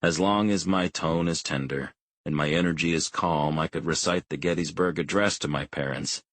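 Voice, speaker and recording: A man reading a thriller audiobook in calm, measured first-person narration. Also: very deep voice, dry recording. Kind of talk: scripted narration.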